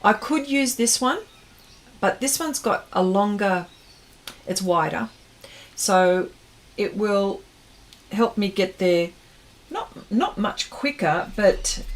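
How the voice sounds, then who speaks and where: A woman with a mid-range voice hosts an art livestream, chatting casually as she paints. She reads viewers' comments aloud and often trails off mid-sentence.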